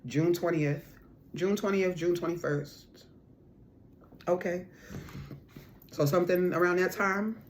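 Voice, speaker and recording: A woman's voice: on the low side, slow, long pauses, a little hiss or hum. Emphatic woman doing a card reading. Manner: emphatic, repeats phrases, slangy endearments like boo and honey; bursts into loud laughter and raised voice when excited. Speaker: spiritual card reader. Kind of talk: casual intuitive reading to viewers.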